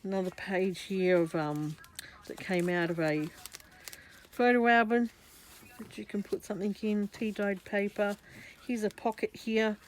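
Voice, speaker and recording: A woman's voice: mid-range voice, unhurried, a little hiss or hum. A woman with an Australian accent, chatting casually through a craft journal flip-through, meandering and often correcting herself. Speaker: craft vlogger.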